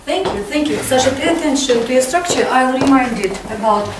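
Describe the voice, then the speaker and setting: A woman's voice: sits high, expressive, brisk, noisy background. A woman teaching English to a class, coaxing pupils with repeated questions. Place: school classroom. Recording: echoey classroom, far-off mic.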